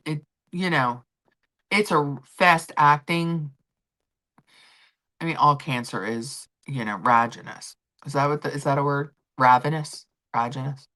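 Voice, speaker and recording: A middle-aged woman with a deep, slightly bright voice hosts a livestream. She chats casually and opinionatedly about royal gossip, peppering her talk with fillers and restarts.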